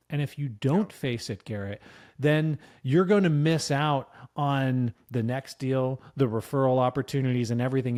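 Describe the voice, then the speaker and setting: Male co-host, mid-pitched, reflective and conversational, casual business chat. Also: a little mellow. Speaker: podcast co-host.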